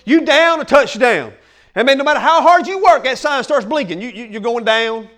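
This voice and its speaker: Man preaching, very high voice, excitable, breaks into shouts, folksy and animated delivery. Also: normal speed. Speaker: pastor. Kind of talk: energetic sermon.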